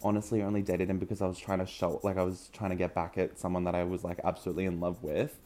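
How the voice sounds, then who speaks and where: A man's voice: low voice, completely flat delivery, quick pace, mellow. A man, telling a dating story in a dramatic, gossipy way with lots of swearing. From Australia. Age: early 20s. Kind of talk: casual gossipy chat.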